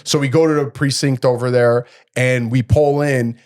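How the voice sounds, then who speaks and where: A middle-aged man co-hosting a podcast, telling a story in casual chat and jumping up in pitch to act out what people said. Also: normal speed, clear, resonant tone. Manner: animated, acts out quotes in a raised voice. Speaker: podcast co-host.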